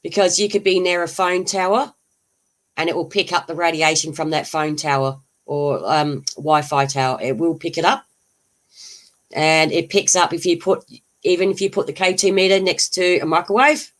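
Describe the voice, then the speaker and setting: Casual livestream chat, frequent laughter, rambling, mid-pitched voice. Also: steady tone, normal speed, a bit bright. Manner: laughs often, chatty and rambling, answers chat. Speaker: livestream host.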